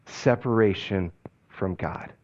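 A man preaching a sermon, speaking slowly and quietly, often dropping his voice low on key phrases. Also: dull audio. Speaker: pastor.

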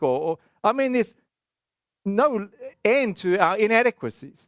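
A man's voice: on the high side, measured pace, no echo, highs cut off. A man preaching a sermon as pastor, earnest and conversational, often restarting and acting out little quoted asides.

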